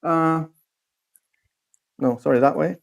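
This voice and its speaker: A male co-host chats casually on a livestream in a gravelly voice a little higher than most men's, with a bit of hiss or hum in the audio. He speaks in halting bursts, circling back and searching for the right word before finishing a thought.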